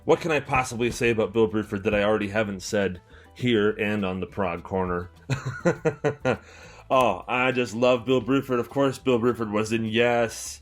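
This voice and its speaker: Speaking at a moderate pace with faint music behind him, a low-voiced young Canadian man reviews an album in a casual chat to camera. As a record collector, store owner and channel host, he rambles enthusiastically, full of fillers and restarts.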